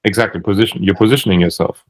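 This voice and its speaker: A man's voice: lowish voice, steady tone, racing, poor audio. A man with a German accent coaching on sales calls in casual chat, thinking aloud with many restarts.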